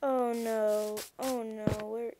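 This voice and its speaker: A young woman giving casual, excitable commentary over her own gameplay, easily flustered and exclaiming at what happens on screen. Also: a little high, very slow, background noise. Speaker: gameplay streamer.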